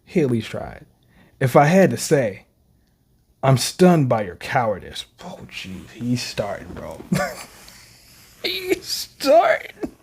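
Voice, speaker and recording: A man hosting a casual manga reaction, talking in an animated, slangy way and laughing often. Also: medium pitch, a little slow, gravelly, slightly rough.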